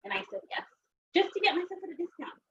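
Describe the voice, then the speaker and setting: A woman's voice: very high-pitched, sing-song, fast, echoey room. A woman, telling a seminar audience her personal story in a chatty, rambling way with many fillers. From Texas. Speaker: seminar speaker. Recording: distant, dull, noisy room recording.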